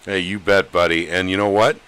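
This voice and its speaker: A man over thirty-five hosts a live podcast chat in a plain-spoken, rallying way, and his voice sits a little low. His tone is bright and forward. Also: level tone, fairly quick, a little hiss or hum. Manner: plain-spoken, rallying, calls viewers "gang". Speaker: podcast host. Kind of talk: casual live-stream chat.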